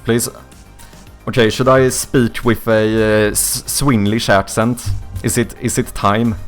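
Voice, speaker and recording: A man's voice: mid-range voice, level tone, takes it slowly, soft background music. A young man whose first language is Swedish, speaking English with a light Swedish accent, chatting casually with viewers on a live stream, rambling, searching for words and swearing now and then. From Sweden. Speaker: streamer and indie game developer.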